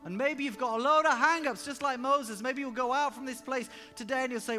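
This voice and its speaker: A man preaching a sermon with personal stories, emphatic and animated, sometimes rising to loud exclamations. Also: very high voice, brisk, hardly any pauses. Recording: reverberant hall with music underneath.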